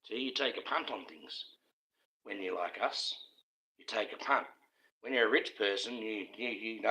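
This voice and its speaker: An Australian man with a lowish, tense, cutting voice holds forth in a casual ranting monologue on a live stream, speaking at a normal speed with frequent pauses. He swears freely, veers into conspiratorial tangents, and often laughs at his own points. The recording quality is low.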